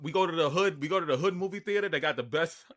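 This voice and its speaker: A man's voice: on the high side, quick pace, a bit bright. A man in his forties with a New York accent, co-hosting a casual podcast chat, emphatic and laughing often. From New York, family from Guyana. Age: 40s. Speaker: podcast co-host.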